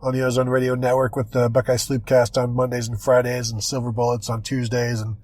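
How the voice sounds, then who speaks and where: A man's voice: medium pitch, completely flat delivery, fairly quick, a little mellow, dry recording. A man with a mid-range voice hosts a sports podcast in easygoing chat. He keeps tossing in sarcastic jokes and quips. The recording is dry and close-miked. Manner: joking, sarcastic asides. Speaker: podcast host.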